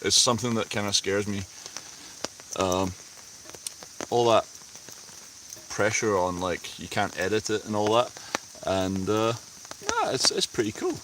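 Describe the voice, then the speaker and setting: A man's voice: lowish voice, fairly even intonation, unhurried, long pauses. A man chatting casually and a little tipsily on a live stream under a tarp in a rainy forest at night. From Scotland. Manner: chatty, tipsy and laughing easily. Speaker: vlogger. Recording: faint rain noise outdoors. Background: rain on the tarp.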